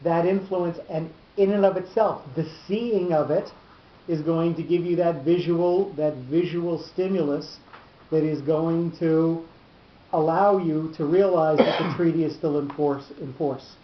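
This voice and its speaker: A teacher giving a lesson on cantillation notes, explaining slowly and often repeating words as he goes. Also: mid-range voice, fairly even intonation, roomy sound, muffled recording. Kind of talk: lecture on cantillation.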